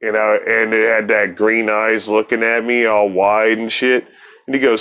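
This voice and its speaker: A man with a fairly low voice tells a loose, wandering story, swearing freely and chuckling along the way. The talk is relaxed and unpolished. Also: moderate pace, smooth. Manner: rambling, profane, laughs often. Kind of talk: casual storytelling.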